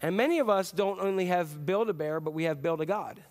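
Casting: male pastor, high voice, chatty animated sermon delivery. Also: a little fast. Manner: conversational, animated preaching with acted-out quotes.

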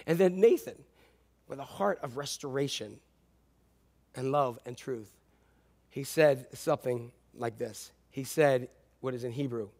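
A man preaching a sermon as a pastor, animated, swinging between loud and hushed delivery. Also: medium pitch, a little slow, gravelly, long pauses.

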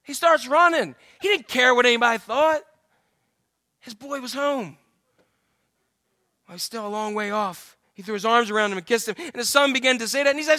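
A middle-aged man preaching a sermon, telling the story with lively acted-out voices and humor. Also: extremely high pitch, normal speed, dry recording, studio quality. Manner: animated storytelling, acts out the father's voice. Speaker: pastor.

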